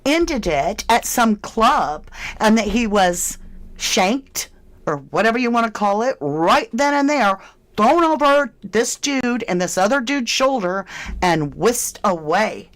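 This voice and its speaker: Woman, livestream host, casual chat, emphatic, a little snarky. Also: mid-range voice. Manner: chatty, emphatic, slightly snarky. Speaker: true crime channel host.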